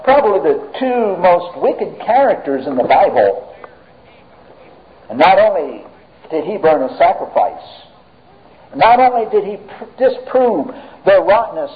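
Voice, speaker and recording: A man preaching a sermon emphatically, swinging between raised and hushed delivery. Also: high voice. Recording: tinny phone-like audio.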